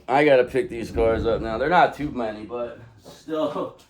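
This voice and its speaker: A man in a mid-pitched voice reads tarot cards in a loose, rambling way. He is blunt and swears freely, and he speaks emphatically, straight to his listener. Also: moderate pace, hardly any pauses. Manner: emphatic, talks straight to the viewer. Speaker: tarot reader. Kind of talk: casual tarot card reading.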